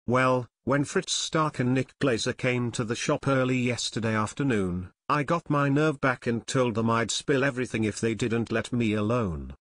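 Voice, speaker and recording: A man's voice: mid-range voice, moderate pace, few pauses, fairly bright tone, no room sound, natural voice. A man reading a frightened male costume dealer who speaks shakily and brokenly, in an audiobook. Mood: confessing. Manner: shaky, broken, pleading.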